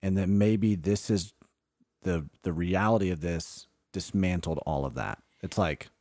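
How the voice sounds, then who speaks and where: Male host, deep voice, soft-spoken interviewer, dry studio sound. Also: unhurried, no room sound. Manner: gentle, probing, many soft affirmations. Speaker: podcast host.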